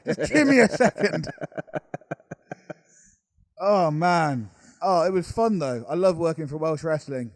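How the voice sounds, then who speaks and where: Man, high voice, animated storyteller on a casual podcast, dry sound. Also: a little slow, pauses often, dry recording. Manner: animated storytelling, laughing and swearing. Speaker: wrestler and podcast co-host. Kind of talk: casual banter.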